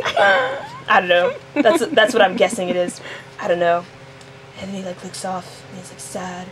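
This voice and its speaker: A woman's voice: lowish voice, animated, normal speed, pauses often. A young woman casually making up the story of a comic, giggling and rambling. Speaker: commentator improvising a comic's story. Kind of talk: casual playful commentary. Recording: noisy home recording.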